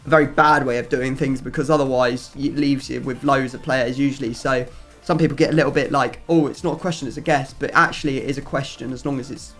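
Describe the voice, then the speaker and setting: A man's voice: mid-range voice, fairly even intonation, fast talker, a bit bright. A man hosting a gaming video, chatting casually and rambling through his explanations with plenty of fillers. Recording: music playing faintly behind.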